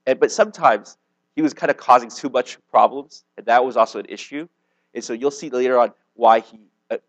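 A man's voice: mid-range voice, dry recording, rough recording. Guy preaching casually, keeps asking okay right, stumbles and restarts, dry close sound. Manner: conversational, checks in with "okay?" and "right?". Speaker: pastor. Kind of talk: sermon.

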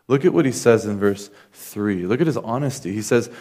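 Guy preaching a sermon, lowish voice, earnest and chatty, acts out the quotes. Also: lively intonation, a little fast, hardly any pauses, a little mellow. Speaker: pastor.

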